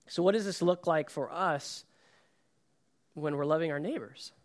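Pastor guy reading scripture then preaching, earnest, kinda high voice, gets soft then punchy. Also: moderate pace. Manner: earnest, drops soft and quiet on key phrases, builds to emphatic.

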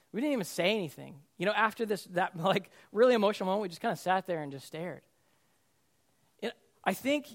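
Young male preacher, high-pitched, storytelling sermon, vivid and loose with fillers. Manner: vivid storytelling, acts out shouted quotes, frequent fillers and restarts.

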